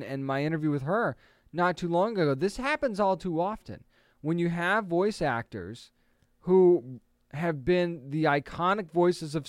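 Chatty man with a smooth dry voice. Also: fairly high pitch, no echo. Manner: chatty, opinionated, quick asides. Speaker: entertainment news host. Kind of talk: casual commentary.

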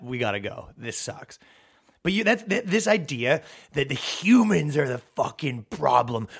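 Podcast host, male, mid-pitched, rambling profane comic ranter. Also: fairly bright tone. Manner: rambling, profane, sarcastic riffing. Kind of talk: comedic podcast rant.

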